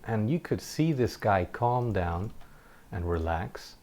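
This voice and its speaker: A man's voice: on the low side, expressive, takes it slowly, a little mellow. A man doing gameplay commentary, telling a personal story in an earnest, reflective way, often stopping and restarting his sentences. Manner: occasional short laughs while telling a story.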